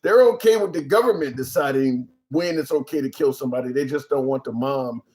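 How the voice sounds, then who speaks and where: A man's voice: mid-range voice, brisk, darkish tone. A man hosting a live stream, chatting casually with a guest and reading viewer comments aloud. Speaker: show host.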